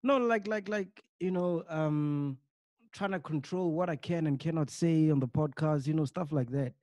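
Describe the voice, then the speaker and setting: A man's voice: a little high, normal speed, darkish tone, no echo, studio quality. A man co-hosting a podcast in casual chat, loose and frustrated, often saying "man" and "like". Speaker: podcast co-host.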